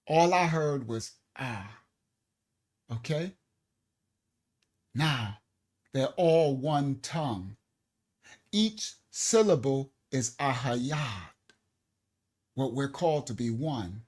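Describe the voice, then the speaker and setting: A man teaching a congregation in a preaching style, emphatic and repetitive, building to loud exhortation. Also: mid-range voice, animated, very slow, long pauses. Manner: emphatic, repeats words, rises to loud exhortation. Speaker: teacher of a ministry.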